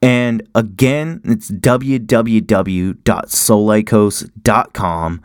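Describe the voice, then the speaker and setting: A man's voice: fairly low pitch, slow, clear, resonant tone, no echo, studio quality. A man hosting a podcast, plugging it in a hyped, emphatic way. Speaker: podcast host. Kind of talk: promotional podcast outro.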